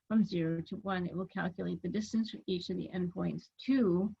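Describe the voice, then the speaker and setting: A woman giving a recorded online lecture, explaining step by step in a measured way, with some filler words. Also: on the low side, fairly even intonation, gravelly, mellow, husky. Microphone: computer mic on a video call recording. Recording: dull lo-fi meeting recording.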